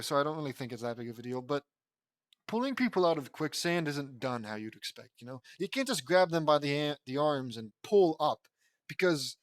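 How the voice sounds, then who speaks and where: A man reads his fan fiction aloud and keeps wandering into rambling asides. His voice sits fairly high. The sound is dry and close. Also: no echo. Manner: rambling, lots of fillers and restarts. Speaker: audiobook reader of fan fiction. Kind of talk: reading aloud with rambling commentary.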